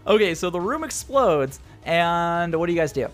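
Young guy gm, high voice, laughs a lot, super casual. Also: moderate pace, faint music behind. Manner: laughs often, casual and animated. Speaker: game master. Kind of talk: narrating a tabletop game.

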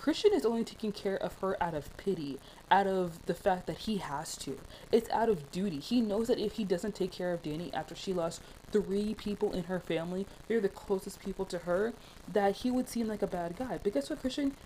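A woman's voice: mid-range voice, brisk, dark tone, a little hiss or hum, low-quality recording. A young woman talking through a film in casual, passionate commentary, rambling with many fillers.

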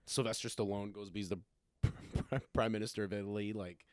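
A man with a slightly low voice chats casually as a podcast co-host. He is talkative and laughs easily, his sentences full of "like." The sound is close and dry, with no room around it. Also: steady tone, moderate pace, no room sound. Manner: chatty, laughs a lot, heavy use of "like". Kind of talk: casual chat.

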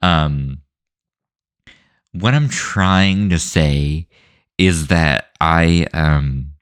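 A man with an extremely deep, low voice talks through a solo opinion rant on his own show. He rambles, stops and restarts, and fills the gaps with hesitant fillers. The sound is dry and close, with no room around it. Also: drawn-out words, clear, resonant tone, no room sound. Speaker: show host.

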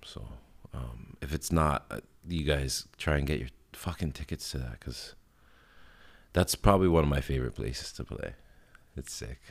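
A man in his thirties with an extremely low, rumbling voice, talking loosely as a podcast host. He rambles in a laid-back way, swears freely and fills gaps with "um" and quick laughs. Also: vocal fry. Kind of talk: casual solo podcast chat.

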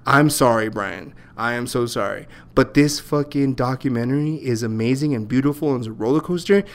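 A man's voice: mid-range voice, fairly quick. A man in heated casual banter, pushing his point emphatically, swearing and saying "bro". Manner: exasperated, emphatic, swears a lot, calls the other "bro". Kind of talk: casual argumentative chat.

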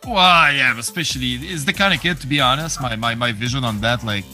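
A man's voice: medium pitch, fast, sharp tone, faint music behind. A man, co-hosting a podcast in casual chat, who laughs a lot and chimes in with short agreements. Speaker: podcast co-host.

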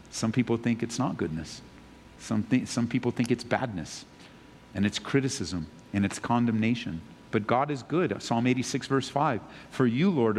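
A male pastor preaching an earnest sermon that swings between loud urgency and quiet emphasis. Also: mid-range voice, in a large hall.

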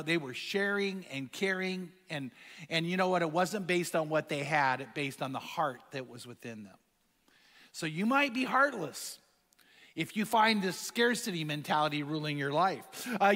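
A man's voice: fairly high pitch, a bit bright, in a large hall. A man preaching a sermon, telling stories and asking the crowd rhetorical questions. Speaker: pastor.

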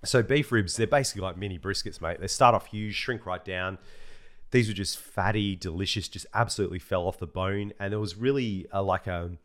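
A man's voice: sits low, a little fast, fairly bright tone. A man co-hosting a podcast, chatting casually, laughing often and full of slang. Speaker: podcast co-host. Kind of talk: casual chat.

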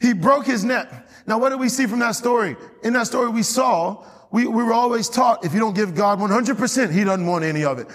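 A man's voice: sits high, brisk. A man preaching a sermon as pastor, often asking the congregation questions and waiting for their response. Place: church hall. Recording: long hall reverb.

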